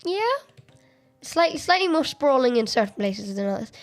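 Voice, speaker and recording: Speaking at a normal speed, a woman with a high, animated voice offers casual live-stream commentary. She's Australian, playing Minecraft at home, laughing frequently and talking through her thoughts against faint music.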